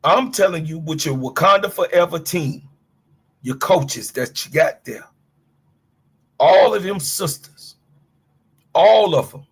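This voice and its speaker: A middle-aged man hosts a sports talk stream and rants hard. His voice is a little husky and sits on the high side for a man. He talks bluntly, swears freely and calls out to his chat. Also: unhurried. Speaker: sports show host. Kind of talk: heated livestream rant.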